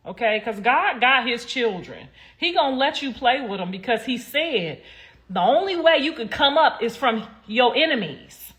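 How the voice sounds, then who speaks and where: With a fairly high, expressive, fairly bright voice at normal speed, a young woman runs a casual livestream. She talks right to her audience in a sassy, rambling, blunt manner and swears freely.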